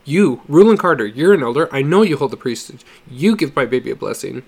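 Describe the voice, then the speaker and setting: A woman's voice: rumbling low, expressive, fairly quick, vocal fry, darkish tone, breathy edge, exaggerated voice. A man voicing a frantic young mother who begs desperately for help. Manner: desperate, pleading.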